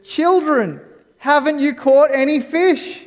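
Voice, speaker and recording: A man acting out a kindly figure who calls loudly from a beach, raising his voice well above his normal speech. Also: very high-pitched, normal speed, long reverb tail, pitched above the performer's own voice. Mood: calling out. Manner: calling out loudly.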